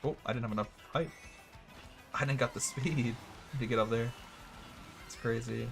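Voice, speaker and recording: A man's voice: mid-range voice, normal speed, creaky, fairly bright tone, soft background music. A man casually commentating a racing game livestream, chatty and self-mocking, with hiccups and a little wheezing. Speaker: streamer.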